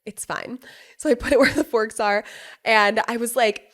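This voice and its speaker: A young woman hosting a podcast, telling a personal story in a casual, animated way, laughing often, swearing freely and acting out what others said. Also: on the high side, moderate pace. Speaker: podcast host.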